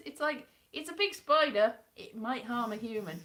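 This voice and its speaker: A woman hosts a casual live stream from home, talking in a rambling, chatty way. Her voice sits a little high and swings widely in pitch. She slips into playful voices now and then to mimic characters. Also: sing-song, normal speed, few pauses, fairly bright tone. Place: indoors at home.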